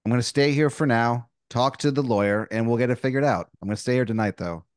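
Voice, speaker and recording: A man's voice: mid-range voice, fast talker, smooth, dry recording, clean studio sound. A man co-hosting a comedy podcast, playing along with an improvised scenario in a blunt, exasperated way. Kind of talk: improvised comedic role-play.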